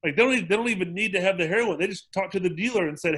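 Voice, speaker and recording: A man guest telling his recovery story in a casual interview, animated and acting out quotes, often restarting his sentences. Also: high-pitched, very fast. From lived in Mexico for ten years. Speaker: podcast guest, sober living director.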